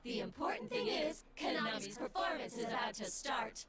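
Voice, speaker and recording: A taunting shadow idol double. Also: female voice, high-pitched, big pitch swings, normal speed, crowd noise. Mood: gloating. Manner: taunting, sly. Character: mocking shadow double of a young idol woman. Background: loud game music.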